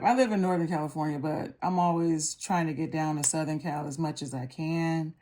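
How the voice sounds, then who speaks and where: A woman chatting casually and relaxed with frequent ums and likes as she walks through a nail art tutorial. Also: sits low, moderate pace, few pauses. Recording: electric nail file buzzing behind.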